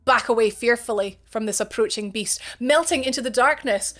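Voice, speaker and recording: A woman streamer retelling a fantasy story with animated, chatty narration, slangy asides and self-corrections. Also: fairly high pitch, moderate pace. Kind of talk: casual dramatic retelling of a story.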